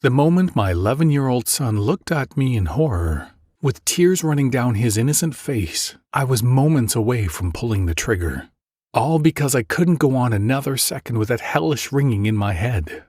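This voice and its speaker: A husky-voiced man in his forties narrates a scripted advert as a dramatic personal confession. The sound is close and dry, with no room around it. His pitch sits in the middle range for a man. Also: expressive, moderate pace, darkish tone, dry recording. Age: 40s.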